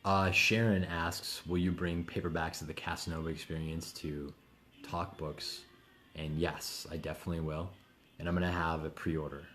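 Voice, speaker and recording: A man with a very low, deep voice talks casually to readers on a live stream from his home. He rambles, leans on fillers and laughs easily as he answers questions, with a faint hiss of noise behind him. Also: little pitch movement, normal speed, a bit bright.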